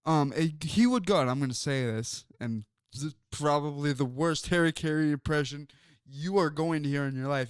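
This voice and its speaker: A man's voice: a little high, normal speed, smooth, no room sound, clean studio sound. A man hosting a sports talk show, telling stories in a rambling way with many fillers. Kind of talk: casual sports talk monologue.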